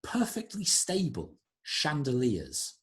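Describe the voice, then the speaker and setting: Lively-voiced man running a tabletop game. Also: medium pitch. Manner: descriptive, unhurried scene-setting. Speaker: game master.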